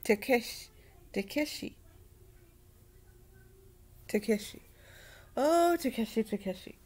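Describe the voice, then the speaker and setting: A woman giving a casual anime review, rambling and repeating herself in an animated way. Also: high-pitched.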